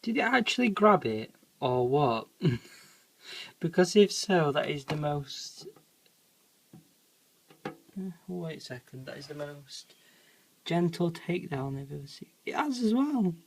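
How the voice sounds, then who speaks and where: Soft-spoken vlogger. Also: mid-range voice, lively intonation, a little slow, creaky, long pauses, low-quality recording. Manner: quiet, soft-spoken, laid-back. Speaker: hobby pet keeper filming feedings. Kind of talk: casual vlog narration. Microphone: handheld camera mic.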